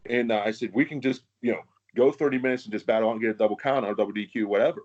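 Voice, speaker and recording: A man's voice: medium pitch, very fast, darkish tone, lo-fi sound. A man, a former wrestler, telling stories in a casual podcast chat, laughing often and swearing freely.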